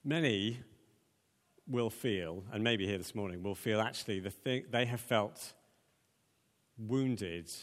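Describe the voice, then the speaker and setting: A man preaching a conversational sermon, with plenty of ums and repeated words. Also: fairly low pitch. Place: church. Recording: long church hall reverb.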